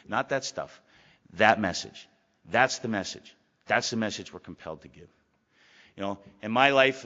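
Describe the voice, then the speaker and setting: Middle-aged guy telling his story at a meeting, repeats himself a lot, bright voice, dull echoey hall sound. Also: lowish voice. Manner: rambling, candid, repeats words. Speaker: speaker at a recovery meeting. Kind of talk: personal testimony talk. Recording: lo-fi hall recording.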